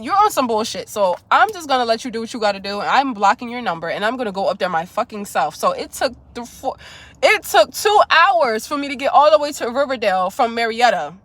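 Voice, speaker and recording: A woman's voice: fairly high pitch, a bit bright, no echo. A young woman vlogging a casual storytime, talking candidly and emotionally straight to her viewers and swearing freely.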